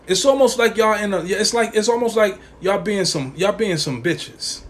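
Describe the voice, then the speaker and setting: A man's voice: high voice, normal speed. A man hosting a podcast, ranting emphatically in profane slangy talk and repeating lines to hammer a point home. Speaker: podcast host. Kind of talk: opinionated podcast rant.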